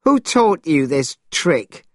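A brash, mischievous monkey king, put on by a male storyteller, cries out in a high, shrill voice. His pitch leaps and swoops with every line, and the storybook reading stays slow and deliberate in a dry, close sound. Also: very animated, no echo. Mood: earnest.

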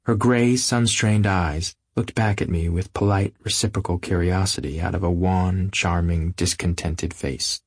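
A man narrating an audiobook in a measured, literary first-person reading. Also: low voice, breathy edge, no room sound, clean studio sound. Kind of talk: scripted narration.

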